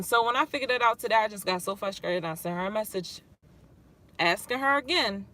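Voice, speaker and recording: A woman talks to her livestream chat about caring for her father. She sounds frustrated and on the edge of tears, rambling and swearing as she goes. Her voice is bright and tense. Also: mid-range voice, moderate pace, pauses often. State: close to tears. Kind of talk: livestream vent, reading chat.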